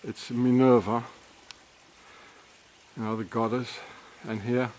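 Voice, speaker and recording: A man excitedly pointing things out as he walks, talking in a rambling, conspiratorial way outdoors. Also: mid-range voice, slow pace, low-quality recording. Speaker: vlogger. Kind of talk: rambling walking commentary.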